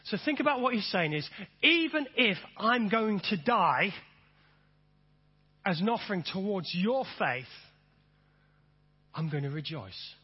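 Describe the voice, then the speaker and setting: A man's voice: high-pitched, big pitch swings, measured pace, slightly rough, lo-fi sound. A middle-aged man preaching a sermon in an emphatic way, repeating phrases and having the congregation say them back.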